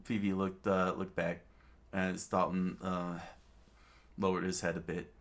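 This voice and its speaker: A man narrating a manga aloud, halting and restarting often. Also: low-pitched, completely flat delivery. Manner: halting, many fillers and restarts. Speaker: reader, narrator. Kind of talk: unscripted manga read-aloud.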